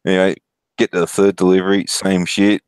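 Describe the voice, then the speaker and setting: A man's voice: low-pitched, flat delivery, brisk, clean tone, no echo. A man in his thirties with an Australian accent, telling profane, laughing stories on a casual stream. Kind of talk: casual storytelling.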